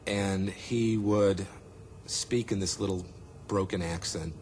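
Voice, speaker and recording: A man telling an animated story in an interview, acting out what people said. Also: deep voice, slow, background noise.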